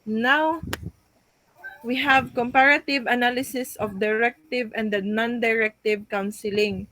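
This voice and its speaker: A woman's voice: a little high, fairly even intonation, a little slow, pushed and bright, no room sound, low-quality recording. A young woman giving a class report, hesitant, with frequent fillers and restarts as she reads out points. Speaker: student presenting a class report.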